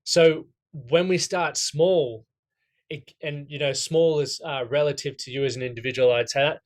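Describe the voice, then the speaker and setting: With a voice on the high side at normal speed, an Australian coach walks a group of men through goal setting. His workshop talk is casual, plain and blunt, with the odd curse, and he repeatedly asks "right?" to make sure they're with him.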